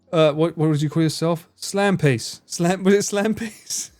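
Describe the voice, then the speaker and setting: Essex male streamer, lively teasing banter, frequent swearing and laughs, slightly high voice. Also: unhurried. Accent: English, Essex. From England. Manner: swears a lot, laughs often, animated and teasing. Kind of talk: casual live-stream chat with viewers.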